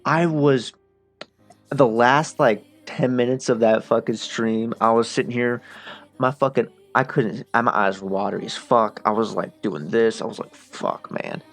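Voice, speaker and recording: A man in the middle of his range gives a casual game-review commentary for his own video, animated and emotional, swearing freely as he talks it through. Faint music plays quietly behind him. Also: mid-range voice, unhurried. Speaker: gaming video creator.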